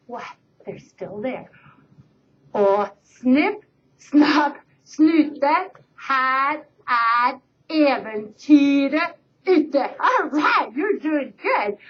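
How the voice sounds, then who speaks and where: High-voiced woman telling a story to class. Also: breathy edge. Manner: lively storyteller, voices for effect. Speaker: teacher. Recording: dull lo-fi webcam recording.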